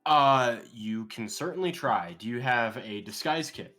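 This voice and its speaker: A man running a tabletop game as game master, laid-back with frequent laughs and halting restarts. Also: mid-range voice, animated, bright, forceful tone, faint music behind. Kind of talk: narrating a tabletop game over voice chat.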